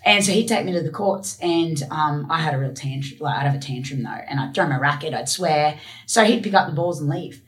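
A woman's voice: low voice, a little fast, few pauses. A young woman, a guest on an interview, tells stories in a laid-back way with frequent ums. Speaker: guest ultramarathon runner. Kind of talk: casual interview storytelling.

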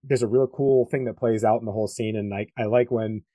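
A man's voice: lowish voice, fairly even intonation, fairly quick, warm tone, no room sound. A man from Detroit, talking animatedly and rambling in a casual film podcast. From Detroit, USA. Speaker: podcast co-host.

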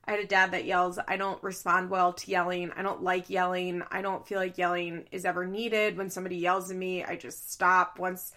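A woman's voice: fairly low pitch, little pitch movement, moderate pace, few pauses, bright, forceful tone. A woman chatting casually and giving strong opinions while recapping a reality show, slipping into other voices for quotes. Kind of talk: casual chat.

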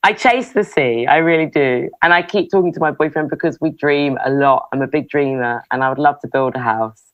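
Woman, low voice, animated storyteller, dry dull sound. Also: brisk, no room sound. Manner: animated storytelling, laughs often. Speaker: guest. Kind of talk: casual chat.

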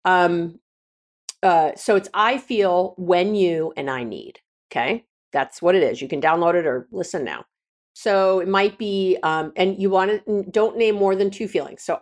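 Middle-aged woman podcast host, kinda low voice, blunt and chatty, lots of restarts. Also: normal speed. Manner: frank, repeats herself with restarts. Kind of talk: casual advice talk.

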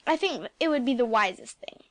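A woman voicing a gruff, irritable middle-aged bachelor who speaks disagreeably and growls. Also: a little high, animated, a little fast, fairly bright tone.

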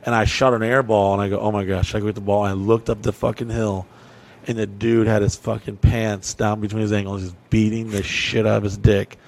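A man from Kentucky hosting a podcast, telling a story in a profane, animated way, full of "like" fillers. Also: on the low side, brisk, creaky. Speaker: podcast host. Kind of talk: casual storytelling.

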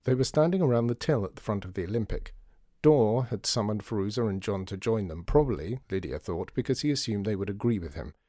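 Warm-voiced man narrating a story. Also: on the low side, animated, fairly quick, dry recording, clean studio sound.

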